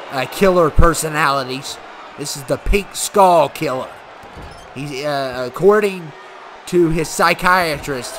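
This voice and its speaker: Excitable man calling a wrestling game. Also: a little high. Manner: excitable, shouts and cheers at big moments. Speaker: gaming channel host. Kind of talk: excited play-by-play commentary over a wrestling video game. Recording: loud game crowd and noise behind.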